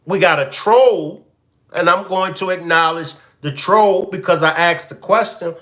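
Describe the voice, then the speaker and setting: Man doing a live stream commentary, aave, bright voice, slow and drawn out, keeps repeating himself at the chat. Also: sits high. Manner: animated, repeats questions to the chat. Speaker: commentary show host.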